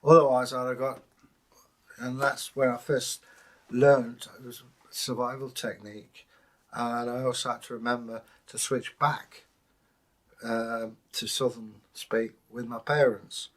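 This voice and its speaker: A middle-aged English man co-hosting a casual chat, telling anecdotes and slipping into quick impressions of other voices. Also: mid-range voice, level tone. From England. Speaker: co-host.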